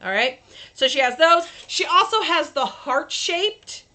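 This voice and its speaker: A woman from New York State hosts a crafting livestream in a high, bright voice, crisp and forward in tone. Animated but measured in pace, she chats casually, offering a steady stream of tips while showing her work to the camera.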